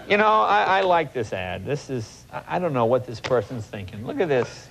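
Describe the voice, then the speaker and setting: Loud laughter from a live studio audience greets this forties-aged late-night host as he reads strange newspaper clippings, tossing in wry, mock-incredulous remarks. His mid-range voice is very animated yet measured in pace and creaky, with slight background noise.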